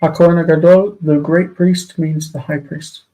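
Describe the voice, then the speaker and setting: A tired man teaching a live-streamed classical Hebrew grammar lesson, explaining patiently and slowly. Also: fairly high pitch, flat delivery, warm tone, rough recording.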